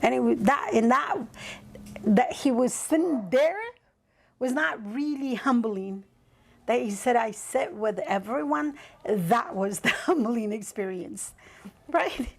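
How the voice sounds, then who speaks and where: A woman's voice: on the high side, slow, vocal fry. A woman guest on a podcast telling a personal story in a reflective, rambling way, often checking in with "right?". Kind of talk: casual interview storytelling.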